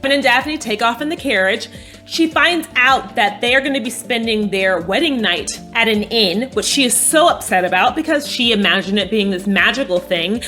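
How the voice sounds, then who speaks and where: A woman chatting casually as she recaps a TV episode, animated and playful, bursting into dramatic emphasis and swearing bluntly. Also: on the high side, normal speed, faint music behind. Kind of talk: casual chat.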